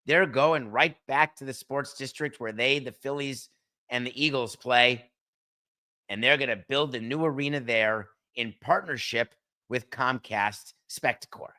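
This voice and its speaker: Male podcast host, middle-aged, blunt solo commentary, bright and punchy tone. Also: mid-range voice, measured pace. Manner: blunt, sarcastic, talks straight to a producer. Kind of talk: opinionated solo sports and TV commentary.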